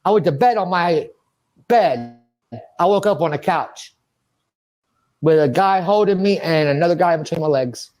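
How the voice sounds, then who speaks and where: With long pauses at a moderate pace, a man in an interview speaks in a slightly high, darkish voice. His emotional monologue is rambling and agitated, peppered with swearing and asides to himself.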